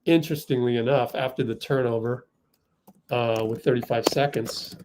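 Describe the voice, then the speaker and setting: A man hosting a fan livestream, giving excitable live play-by-play and getting outraged at the referees. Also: medium pitch, normal speed, background noise.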